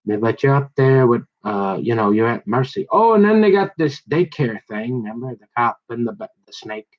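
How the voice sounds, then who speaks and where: A man telling rambling personal stories, digressive and halting, with many restarts and asides. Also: medium pitch, very animated. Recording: dull lo-fi recording.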